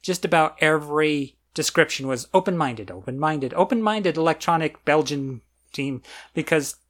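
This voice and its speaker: A podcast co-host in casual chat, relaxed and agreeable, often backing up the other host. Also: mid-range voice, moderate pace. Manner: relaxed, agreeable, frequent affirmations.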